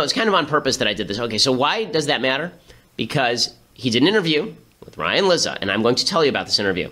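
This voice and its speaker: A man hosting a political commentary show, talking fast with sarcastic, incredulous asides. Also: mid-range voice, bright, forceful tone. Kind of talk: rapid political commentary monologue.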